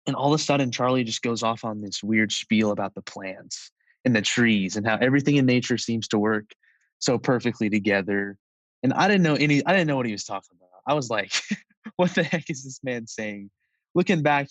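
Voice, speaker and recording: A man of twenty-one, a podcast guest, telling a personal story in a relaxed, chatty way with frequent fillers. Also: on the low side, no room sound, rough recording.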